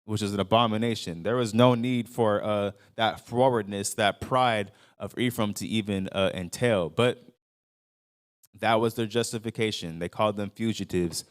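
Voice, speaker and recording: A man's voice: fairly low pitch, steady tone, normal speed. A man teaching a Bible lesson to his congregation in a loose, conversational way, with lots of fillers and restarts, raising his voice to act out the people he quotes. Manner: acts out quoted speakers in a raised voice. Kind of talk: casual Bible study teaching.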